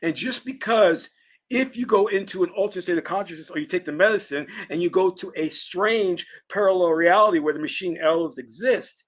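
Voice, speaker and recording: A man from Virginia giving an emphatic, preaching spiritual lecture on a livestream, answering chat and stretching key words slowly. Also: high-pitched, a bit bright. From Virginia, US South. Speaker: spiritual teacher and channel host.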